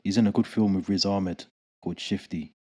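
Deep, husky-voiced man. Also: steady tone, a little fast, a little mellow. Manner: laid-back, slangy. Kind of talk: casual chat.

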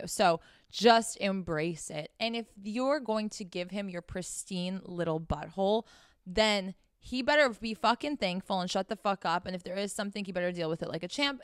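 A woman's voice: mid-range voice, a bit bright, smooth, no room sound, clean studio sound. A young woman hosting a frank, casual monologue, blunt and profane as she talks straight to her listeners. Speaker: host.

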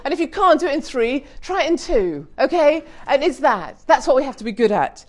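British woman, middle-aged, panel speaker, blunt, lively, joking, punchy delivery. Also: sits high, fairly quick. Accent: British English. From United Kingdom. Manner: blunt, energetic, humorous, mildly swearing. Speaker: panel speaker on women in business. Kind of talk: lively panel talk to an audience.

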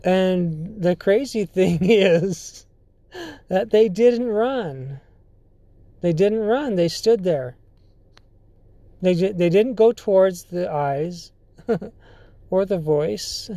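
A podcast host spins a story in an unhurried, halting way, leaning on fillers and restarting sentences. The tone is mellow and dark. The sound is dry and close, with no room around it. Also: mid-range voice, dry recording. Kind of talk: casual storytelling.

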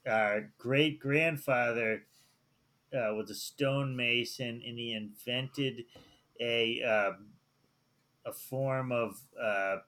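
A man hosting a podcast from a shed, loud and jokey, rambling through stories in casual banter. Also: medium pitch, slow pace. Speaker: podcast host.

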